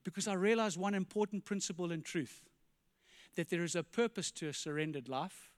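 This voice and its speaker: High-voiced man preaching in a reverberant hall. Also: brisk. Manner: animated preaching with rhetorical questions and sudden drops to quiet emphasis. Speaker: pastor. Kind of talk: sermon. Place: church.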